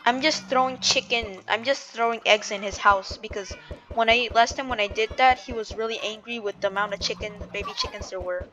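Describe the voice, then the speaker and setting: A woman's voice: on the high side, fairly even intonation, brisk. A woman giving casual gameplay commentary, chatty and full of "like" and restarts. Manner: chatty, hedging with "like", self-interrupting. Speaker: gamer and video creator.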